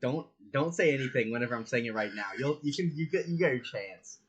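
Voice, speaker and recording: A man's voice: medium pitch, expressive, quick pace, slightly rough, dull audio. A man co-hosting a casual podcast, rambling and arguing with a laugh. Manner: rambling, argumentative, laughs a lot. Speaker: podcast co-host. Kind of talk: casual chat.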